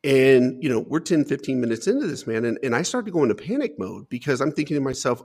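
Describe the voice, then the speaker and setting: A man's voice: medium pitch, very animated, a little fast, few pauses, breathy edge. A man as an interview guest, telling a personal life story in an earnest, emphatic way with frequent "man" asides.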